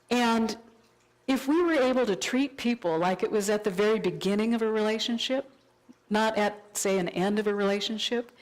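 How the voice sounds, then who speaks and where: Lady preacher giving a sermon at church, tells stories and does her own thoughts out loud all lively. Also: mid-range voice, low-quality recording. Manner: animated storytelling, acts out her own inner voice. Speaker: minister. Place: church sanctuary.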